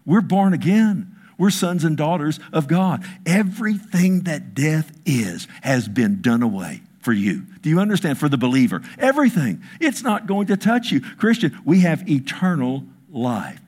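A man preaching a sermon, telling stories with emphasis, his voice dropping hushed and then rising, with frequent asides like "listen" and "I mean.". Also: a little high, very animated, normal speed, hardly any pauses. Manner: storytelling, emphatic, swings between hushed and raised; repeats "listen" and "I mean" as fillers. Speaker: pastor.

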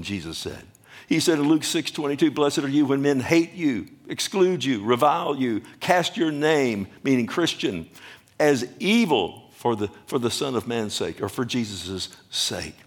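A male pastor delivering a sermon in an ordinary mid-range voice. He preaches emphatically, rising into loud cries and then dropping to quiet asides. He keeps asking the congregation questions and calling for their amens. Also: mid-range voice, gravelly.

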